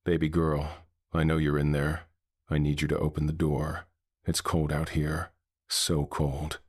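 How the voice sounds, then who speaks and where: A man's voice: a bass voice, measured pace, slightly rough, dry recording, clean studio sound, heavily acted. A man voicing a hollow mimicking monster. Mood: coaxing mimicry. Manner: soft, hollow, eerily calm. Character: hollow mimicking monster, copies human voices.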